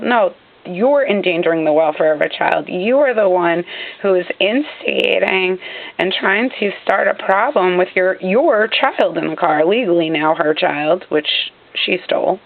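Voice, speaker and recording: A woman's voice: fairly low pitch, a little slow, creaky. Agitated woman on tinny phone-quality audio. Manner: agitated, indignant, repetitive. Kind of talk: narrating own recorded video.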